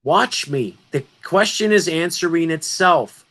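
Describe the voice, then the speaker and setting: High-voiced man teaching slowly. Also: lively intonation, a bit bright. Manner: emphatic, asks students questions. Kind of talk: online class lecture.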